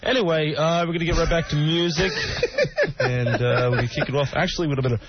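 A man's voice: a little high, fairly even intonation, quick pace. A man hosting a radio show, reading out public notices in a casual, joking way. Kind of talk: college radio talk. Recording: muffled radio with music behind.

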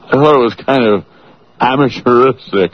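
A man's voice: medium pitch, normal speed, slightly rough, dry recording, dull audio, natural voice. A man doing a comic impression of a stiff, self-important male TV news anchor who keeps breaking into sobbing laughter while watching sad movies, on a radio comedy bit. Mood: pompous.

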